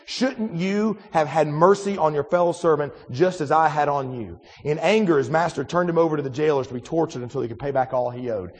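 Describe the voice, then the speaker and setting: A man preaching a sermon in a relaxed, conversational way, full of restarts and rhetorical questions to the congregation. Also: on the high side, fairly quick, hardly any pauses, breathy edge, in a large hall. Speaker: pastor.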